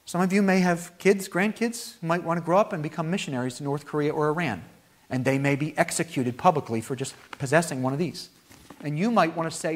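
A man preaching a sermon as pastor, with animated delivery that climbs to high, emphatic peaks. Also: quick pace.

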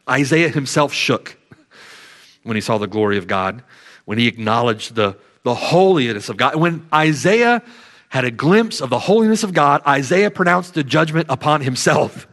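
A man preaching a sermon who swings from hushed, slow reflection to loud, emphatic declarations, drawing out key words. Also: mid-range voice, expressive.

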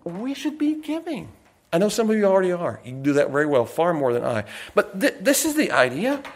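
A man preaching a sermon in a folksy, digressive way, slowing down to stress his points and slipping in personal stories. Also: high-pitched, big pitch swings.

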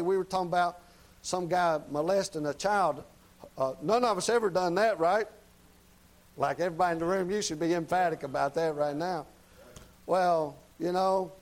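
A man preaching a sermon in a folksy, plain-spoken way, often checking in with the congregation with quick tag questions. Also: sits high, rough recording.

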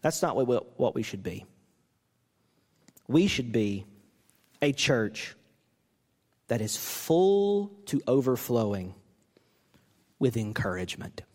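Male pastor mid-sermon, lively swinging delivery, reverberant sanctuary. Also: mid-range voice, slow, long pauses. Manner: animated, acts out quoted coaches with rising voice.

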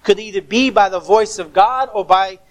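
A man's voice: high voice, moderate pace, low-quality recording. A man preaching a sermon as pastor, emphatic, stressing words by repeating them, with occasional stumbles.

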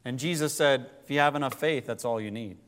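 A man preaching a sermon, rising to impassioned pleas and dropping to quiet, low emphasis. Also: fairly quick. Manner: rises to impassioned pleading, then drops low. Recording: long hall reverb.

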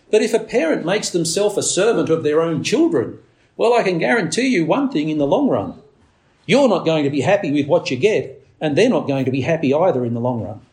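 A man preaching a sermon in an earnest tone, who now and then mimics a demanding baby. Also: darkish tone. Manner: earnest preaching, acts out a baby's demands in a shrill voice. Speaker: pastor.

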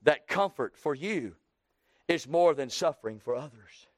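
A man preaching a sermon, building to loud emphatic runs and dropping low, with folksy plain phrasing. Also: lively intonation, a little slow, no room sound, studio quality. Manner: preaching with swelling emphasis and sudden drops.

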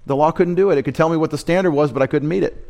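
A man's voice: on the high side, very fast, gravelly, a little mellow. Man preaching a verse-by-verse sermon. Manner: teaching through rhetorical questions and repeated emphasis. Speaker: pastor. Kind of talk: expository sermon. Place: church sanctuary.

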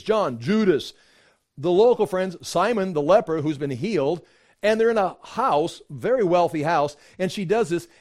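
A man preaching a sermon, teaching from scripture in a conversational, animated way, acting out quoted voices. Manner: animated, acts out quoted voices with rising pitch; conversational, with fillers and restarts. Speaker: pastor.

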